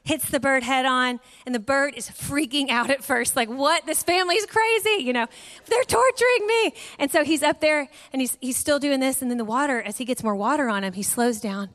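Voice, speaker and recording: A middle-aged woman giving a sermon, telling a family story in a lively way and acting out voices. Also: sits high, fairly quick, few pauses. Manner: animated storyteller, acts out voices. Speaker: guest speaker. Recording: long hall reverb.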